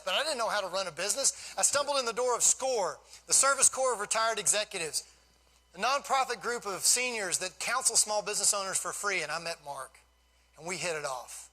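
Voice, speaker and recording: High, bright-voiced storytelling man. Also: rough recording. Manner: folksy, animated storyteller. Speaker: guest motivational speaker. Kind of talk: storytelling speech to a live audience.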